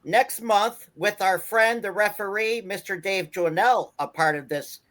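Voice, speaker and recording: A man's voice: high voice, a little slow, fairly bright tone. A man from the Buffalo area hosting a wrestling talk show, reading out announcements in a rambling way with many fillers. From Buffalo area, New York. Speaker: host.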